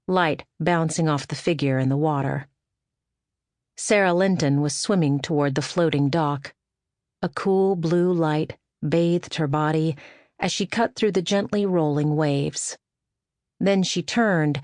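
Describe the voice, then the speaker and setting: A woman narrating an audiobook in a measured, expressive reading style, recorded in a studio. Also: sits low, no echo.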